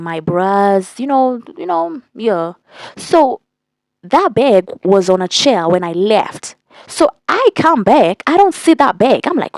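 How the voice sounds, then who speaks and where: A young woman telling a storytime vlog in a casual, animated way, cursing and repeating lines for emphasis. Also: on the high side, no room sound. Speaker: vlogger.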